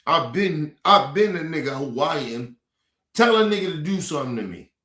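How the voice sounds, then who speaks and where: A man from ranting hard on a livestream, profane and repetitive, bursting into shouts. His voice sits high and swings widely in pitch. The sound carries a roomy echo. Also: expressive, moderate pace. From Baltimore. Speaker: streamer. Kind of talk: heated livestream rant.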